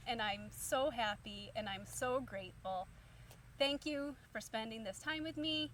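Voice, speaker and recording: A woman's voice: on the high side, normal speed, a bit bright. A woman in her thirties, a stay-at-home mom, telling a story to camera in a chatty, upbeat way full of fillers. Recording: distant mic, faint background hum.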